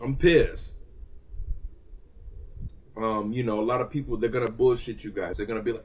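A man's voice: medium pitch, fairly even intonation, normal speed, long pauses. A man giving a heated, profane rant to camera about a music release, repeating himself for emphasis. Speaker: music reaction vlogger.

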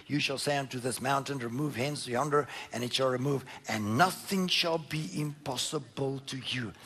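In this sermon, a man reads scripture aloud and comments on it, swinging emphatically between loud declarations and low murmurs.

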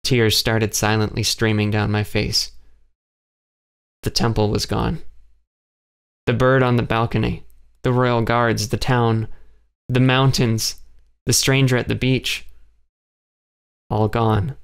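A man reading a first-person science fiction audiobook in a steady, even storytelling voice. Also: medium pitch, slow, creaky, long pauses, clean tone. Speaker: audiobook narrator.

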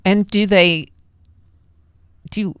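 A woman hosting a casual interview, eager and curious, reacting quickly to her guest. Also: mid-range voice, fairly even intonation, a bit bright, clean tone, no room sound. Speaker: host.

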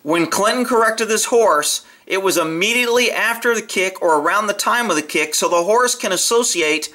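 Brief: male video commentator, high and bright, blunt and profane, casual opinionated delivery. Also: moderate pace. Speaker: video commentator on horse training.

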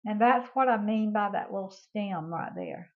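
An older woman hosts a casual home cooking demonstration, chatting in a homey way and calling her viewers "y'all." Her voice is medium-pitched and animated at a moderate pace, though the audio sounds narrow and tinny.

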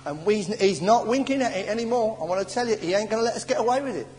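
A high-pitched English man preaches in a church hall, his voice trailing into a long reverb. He tells stories with stammers, sighs and sudden drops to near murmurs. Faint hiss sits under the old tape. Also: fast talker. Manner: animated storytelling with stammers and sighs. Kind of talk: sermon.

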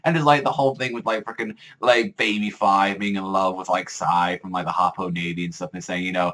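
Rambling, profane man with a low voice. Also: fairly quick. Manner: rambling, heavy filler words, profane; excitable, voice jumps up when worked up. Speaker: manga reviewer. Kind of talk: casual rambling review.

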